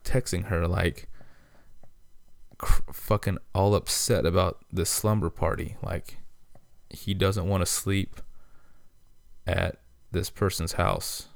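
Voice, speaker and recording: Podcast host, male, low gravelly voice, dry close sound, swears constantly, rambling and irritated. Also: dry recording. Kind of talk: casual storytelling monologue.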